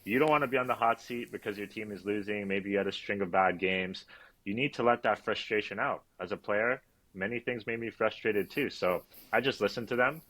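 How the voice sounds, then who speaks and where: A man speaks in a lowish voice with a sharp, bright edge. He is a referee guest in a relaxed interview, calm and reflective, often breaking into easy laughter. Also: a little fast, poor audio. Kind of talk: casual interview chat.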